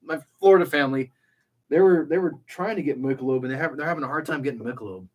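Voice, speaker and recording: A man from Texas co-hosts a relaxed beer chat, rattling along quickly. He rambles and fills gaps with "you know", his voice a touch higher than most men's. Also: lo-fi sound. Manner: rapid, rambling with many fillers. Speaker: co-host. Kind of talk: casual chat.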